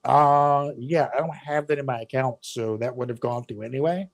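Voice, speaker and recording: A man's voice: mid-range voice, normal speed. A man co-hosting a casual podcast, bluntly recounting scam calls with profanity. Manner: blunt, profane, quotes both sides of calls. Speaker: podcast co-host. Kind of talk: casual chat.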